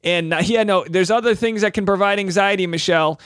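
A man hosting a casual podcast, upbeat and chatty with a fondness for little jokes. His voice sits a bit high, and the sound is dry and close to the mic. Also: brisk, fairly bright tone, clean tone, no echo. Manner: chatty, joking, upbeat, repeats lines aloud. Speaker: podcast host. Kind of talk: casual chat.

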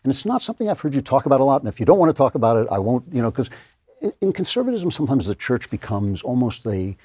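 A man hosting a conversational interview, eager and animated, often restarting his sentences. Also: mid-range voice, quick pace, breathy edge, no room sound. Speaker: podcast host.

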